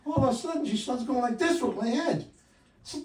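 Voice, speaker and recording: A man in his sixties doing a stand-up comedy set with wry, punchy delivery, jumping louder for quoted lines. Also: extremely high pitch, expressive, moderate pace. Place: comedy club stage. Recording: roomy live sound from a distance.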